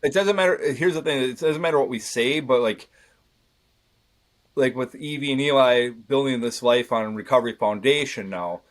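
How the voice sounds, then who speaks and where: A man in his thirties talks candidly as a podcast guest, earnest and rambling. He circles back and restarts his sentences often, at an ordinary pitch for a man. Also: normal speed. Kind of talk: candid conversation.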